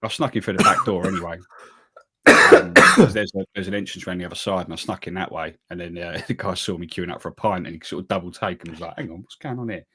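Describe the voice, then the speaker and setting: A man's voice: fast talker, a little hiss or hum. A man, co-hosting a podcast and telling a long story in casual chat, acting out what people said. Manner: animated storyteller, acts out quotes with big pitch jumps. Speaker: podcast co-host.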